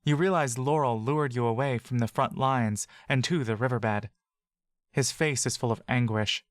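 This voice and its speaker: A man narrating a fantasy adventure story in the second person, in a calm, steady storytelling manner. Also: mid-range voice, moderate pace, no echo.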